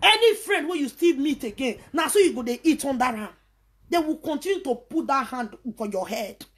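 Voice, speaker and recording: A Nigerian woman with a high voice rants into her vlog, scornful and insulting. She keeps breaking into sing-song chanted taunts between her jabs. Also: animated, moderate pace. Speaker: vlogger. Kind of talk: heated ranting vlog.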